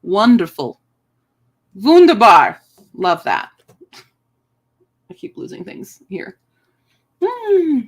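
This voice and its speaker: A woman's voice: medium pitch, huge pitch swings, slow pace, pauses often. A woman live streaming from her apartment, chatting casually and playfully and slipping into joke accents. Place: home apartment, indoors.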